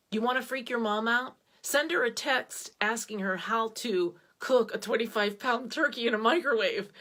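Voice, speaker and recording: A middle-aged American woman hosts her own livestream and talks straight to her viewers. She speaks with high energy and tells her stories in an animated, casual way. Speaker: online show host.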